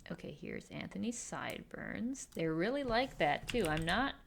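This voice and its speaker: Woman host, wry and sarcastic, casual recap with quick character asides; lowish voice. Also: big pitch swings, creaky. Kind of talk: casual comedic recap while drawing.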